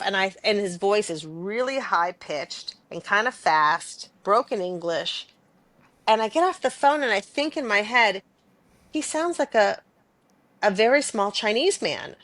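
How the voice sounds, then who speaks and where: Woman podcast co-host, casual storytelling, animated and chatty, dry close sound. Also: medium pitch, dry recording. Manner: animated, chatty, laughs often.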